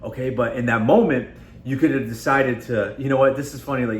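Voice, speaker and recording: This self-improvement video host is a man with a medium-pitched voice at normal speed. He talks conversationally and emphatically in a casual motivational style, often calling his viewers "guys." The room is echoey, with faint background noise.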